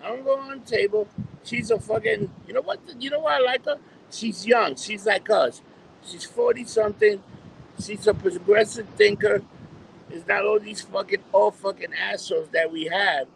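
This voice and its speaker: Gravelly, opinionated man in blunt chat. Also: high voice, expressive, normal speed, a little hiss or hum, low-quality recording. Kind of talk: profane casual chat.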